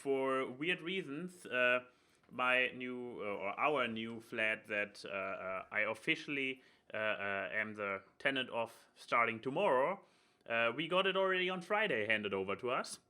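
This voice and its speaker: A man's voice: medium pitch, animated, measured pace, sharp tone, smooth. A young man co-hosting a podcast, talking casually with many fillers and restarts. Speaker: podcast co-host. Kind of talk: casual chat.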